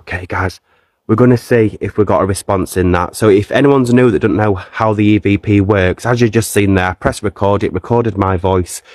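A man's voice: lowish voice, fairly even intonation, normal speed, darkish tone, dry recording, clean studio sound. A man hosting a live ghost-hunting stream at a castle, coaxing a spirit to speak and chatting to his viewers through a handheld phone. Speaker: ghost-hunting livestream host. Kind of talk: live paranormal investigation, talking to a spirit and viewers. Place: castle grounds.

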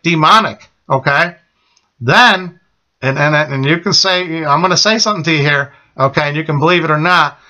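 A man's voice: on the high side, pushed and bright, lo-fi sound. A middle-aged man telling a personal religious testimony in an urgent, repetitive way, often asking "okay?". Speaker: testimony speaker.

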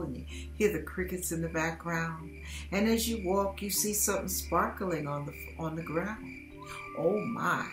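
A woman giving a devotional message, telling a story as a scenario and acting out panicked inner voices. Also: on the low side. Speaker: Christian vlogger. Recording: echoey room with soft background music.

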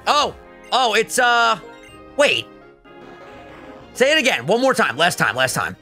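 A young man giving casual gameplay commentary as a co-host, excitable and teasing, laughing often. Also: high-pitched, unhurried, soft background music. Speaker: co-host of a gaming series.

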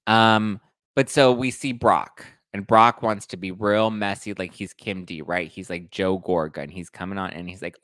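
A man hosting a reality TV gossip podcast in a sassy, animated, self-deprecating way. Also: deep voice, normal speed, dry recording. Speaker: podcast host. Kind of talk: casual reality TV gossip recap.

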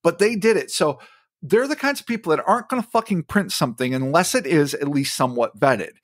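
A man's voice: on the high side, animated, brisk, dry recording, studio quality. Profane, rambling male podcast co-host. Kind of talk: casual chat.

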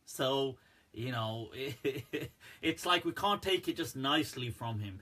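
Chatty man with a bright, husky voice. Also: mid-range voice, lively intonation, slow pace. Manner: chatty, laughs at his own jokes, many fillers. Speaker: Islamic scholar and live-stream host. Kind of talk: casual religious talk, live stream. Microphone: front-facing phone or webcam.

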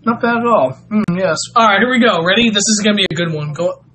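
A man's voice: sits high, fast talker, bright, forceful tone, a little hiss or hum, rough recording. A man hosting a casual live stream, chatting with viewers and reading out Mad Libs, giggling and stammering often.

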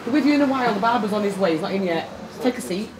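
A woman's voice: medium pitch, expressive, very fast, close to an everyday voice. A teenage girl with a British accent playing a female barbershop owner who scolds the boy she raised. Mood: calm. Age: teens. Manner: scolding, exasperated. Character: female barbershop owner, stern caring guardian. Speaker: amateur youth actor. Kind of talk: amateur drama acting. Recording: roomy, echoey room with faint noise.

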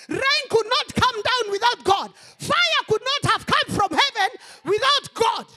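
A woman pastor preaching a sermon with passion. She calls out rhetorical questions and hallelujahs, and she swings between shouting and quiet, low murmurs. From Kenya.

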